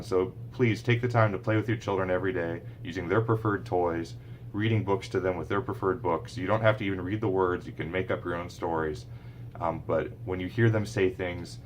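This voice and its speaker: A man who works as a speech therapist, giving a relaxed, chatty talk to parents with many fillers and restarts. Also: low voice, a little hiss or hum. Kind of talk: informal teaching talk to parents.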